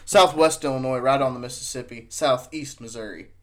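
Drunk and stoned, a man co-hosting a podcast tells a rambling, profane road-trip story into a studio mic. His voice is medium-pitched and brisk, his manner casual.

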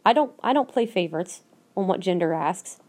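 A woman's voice: lowish voice, animated, brisk, a little mellow. A woman hosting her own podcast, talking alone in a blunt, emphatic way that keeps repeating her points. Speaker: podcast host. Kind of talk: solo podcast rant. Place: lives in Minnesota.

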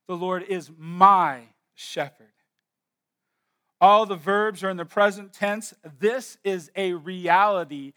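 Bright-voiced preacher, clear and high. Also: male voice. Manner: swings from hushed emphasis to loud declaration; slow, deliberate repetition of key words. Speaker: pastor. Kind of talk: sermon.

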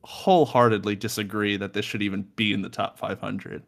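A man's voice: on the low side, fairly even intonation, a little fast, vocal fry. A young man co-hosting a casual music podcast from a room at home, joking, swearing and laughing often. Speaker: podcast co-host.

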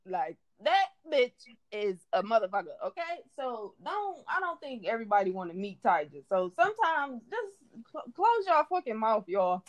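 Woman, podcast co-host, profane, animated, slightly high voice. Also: moderate pace, hardly any pauses. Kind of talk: casual podcast rant.

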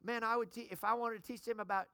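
Bright-voiced woman pastor preaching. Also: on the high side, fairly even intonation, fast, no echo, studio quality. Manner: preaching, calls for amens from the congregation. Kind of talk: sermon.

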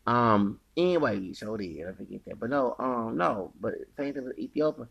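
Gravelly man on a rambling profane rant. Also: mid-range voice, lively intonation, normal speed, lo-fi sound. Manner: rambling, profane, repeating himself; swings from loud outbursts to quiet mumbling. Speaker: podcaster. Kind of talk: angry unscripted rant.

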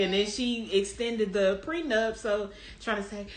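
A woman's voice: mid-range voice, moderate pace, hardly any pauses, echoey room, a little hiss or hum. A woman co-hosting a casual podcast chat, laughing often, swearing freely and acting out what people said. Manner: laughing, profane, acts out quotes. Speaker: podcast co-host.

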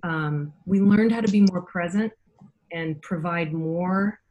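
With the highs cut off, a fairly low-pitched middle-aged woman speaks slowly as a podcast guest. Her casual personal anecdotes are animated, complete with voices for the people she's quoting.

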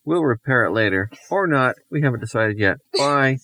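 A man's voice: medium pitch, animated, normal speed, pushed and bright, voice pushed up. Cheeky girl ringleader, dad raising his voice for her, sing-song and breezy. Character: cheeky young girl leading a mischief trip.

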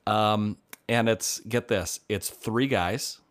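Upbeat young man with a lowish voice. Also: fairly even intonation. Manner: upbeat, joking, quick asides. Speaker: podcast co-host. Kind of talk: casual chat.

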